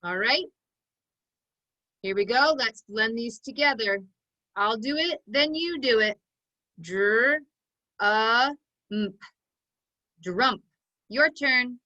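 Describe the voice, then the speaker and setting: A woman teaching an online phonics lesson, calling out sounds and blending words slowly and deliberately for children to repeat. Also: a little high, sharp tone, highs cut off. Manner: slow, deliberate drill calls, sounding out each part.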